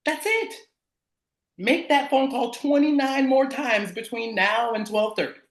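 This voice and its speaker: A man leading a sales team training over a video call, energetic and slangy. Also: very high-pitched, measured pace, roomy sound.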